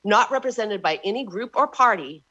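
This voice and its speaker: A woman's voice: medium pitch, lively intonation, normal speed, sharp tone. A woman giving emotional, frustrated public testimony to a county board by remote call-in. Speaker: public commenter. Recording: dull lo-fi remote audio.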